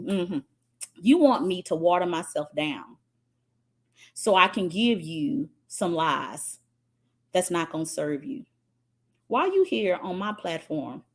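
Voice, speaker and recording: Brief: high-voiced, animated woman, profane fiery spiritual coach. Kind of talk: livestream talk answering comments.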